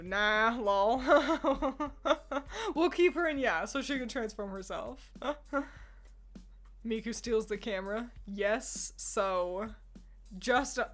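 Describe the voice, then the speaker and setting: A woman's voice: on the high side, fairly bright tone. A young woman streamer chatting casually with her viewers, laughing often as she ranks characters. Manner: giggly, laughs often, talks to chat. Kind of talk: casual chat.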